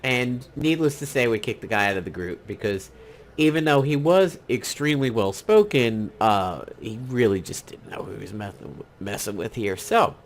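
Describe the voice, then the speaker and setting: A man's voice: medium pitch, lively intonation, moderate pace. A man from New York giving casual, rambling commentary while playing a mobile game, with many fillers and asides.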